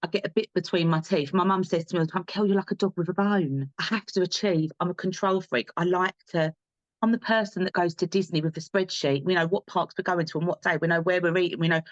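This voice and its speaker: Quick earnest woman on a podcast, dry slightly dull sound, keeps repeating for emphasis. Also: fairly low pitch, fairly even intonation, dry recording. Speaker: podcast guest. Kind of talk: candid interview talk.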